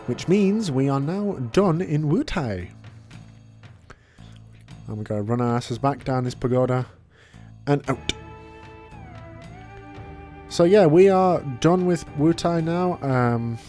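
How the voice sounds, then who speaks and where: A male gamer chatting casually over his playthrough, joking and laughing often. His voice sits a bit high for a man. Faint game music plays underneath. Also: expressive, slow, long pauses, warm tone. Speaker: let's play host. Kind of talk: casual gameplay commentary.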